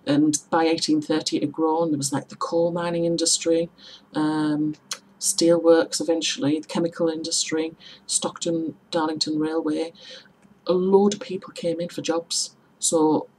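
A woman's voice: low-pitched, level tone, normal speed, a little mellow, a little hiss or hum, low-quality recording. A woman from Middlesbrough with a Teesside accent, chatting casually in a tag video and explaining local words with examples and spellings. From Middlesbrough, England. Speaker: vlogger.

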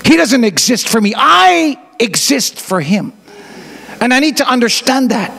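A man in his fifties preaches from a church pulpit in a high voice with a gravelly edge. His pitch leaps and dips as he questions the congregation and slips in joking asides. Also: sing-song, a little slow, pushed and bright. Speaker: pastor. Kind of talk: sermon. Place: church sanctuary.

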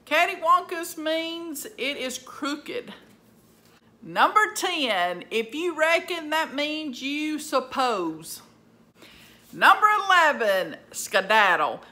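A woman with a Southern US accent, a vlogger casually running through a list of words in a slow, plainspoken drawl. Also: sits high, pushed and bright.

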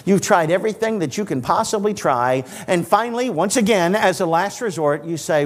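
A man in his sixties, an evangelist preaching a sermon in a church auditorium, telling stories with animated delivery and dry humor. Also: sits high, brisk, few pauses, big-room sound. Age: 60s.

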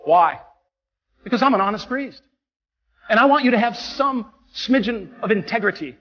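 A man's voice: high-pitched, animated, moderate pace, a bit bright, lo-fi sound. A man, a parish priest delivering an impassioned homily, indignant and full of rhetorical questions. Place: large church. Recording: long church reverb, faint music.

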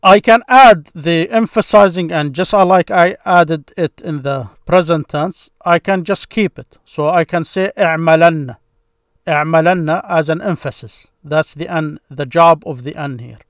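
A man with a slightly high voice teaches a grammar lesson, walking through each rule step by step. He restarts a word now and then as he explains. The recording is close and dry, with no room sound. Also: normal speed, no room sound.

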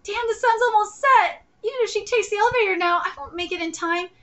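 Lady reading out a hotheaded teen detective guy, flustered and hasty, kinda high and bright. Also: fast. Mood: frustrated. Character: flustered teenage boy detective, hot-headed.

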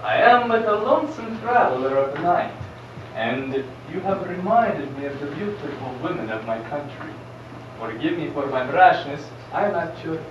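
A suave vampire count, as a man plays him on stage pours out florid, courtly flattery in a high, lively voice. The sound is distant, dull and echoey, with noise under it. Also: moderate pace, lightly acted. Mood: seductive. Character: suave vampire count, smooth-talking foreign nobleman. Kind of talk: amateur stage play.

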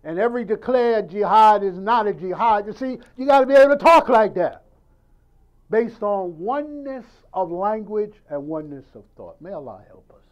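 A man's voice: sits high, expressive, normal speed, dull audio. A man preaching a sermon in a conversational style, acting out dialogues and firing rhetorical questions.

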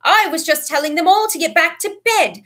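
A woman's voice: very high voice, sing-song, moderate pace, sharp tone, voice pushed up, heavily acted. A woman voicing a self-important teenage head boy who speaks with pompous indignation.

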